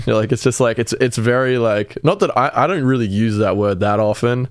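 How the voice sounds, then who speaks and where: A young man with a relaxed Australian accent talks in an easygoing, chatty way, dropping swear words without a second thought. His voice sits fairly low and sounds close and dry, with no room around it. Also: fairly quick, hardly any pauses, smooth, no room sound. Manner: laid-back, swears casually, laughs often. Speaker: podcast guest explaining slang. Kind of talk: casual chat.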